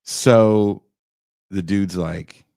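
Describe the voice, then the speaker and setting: A man on a podcast telling a story casually, animated and profane, often leaping up in pitch for emphasis. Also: very slow, no echo, studio quality. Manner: animated, profane, jumps into high voices for emphasis.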